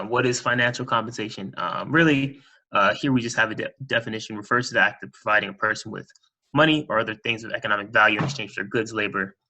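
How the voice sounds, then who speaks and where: A man with a bright, forceful voice walks through slides over a video call. His delivery is casual and explanatory, filled with "um" pauses, at a middle pitch. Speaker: presenter.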